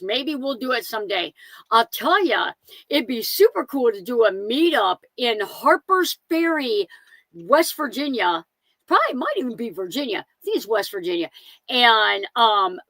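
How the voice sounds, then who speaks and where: A woman's voice: sits high, fairly bright tone, no room sound. A middle-aged woman hosting a live stream, chatting casually and greeting viewers one by one by name, often saying things twice. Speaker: van life channel host.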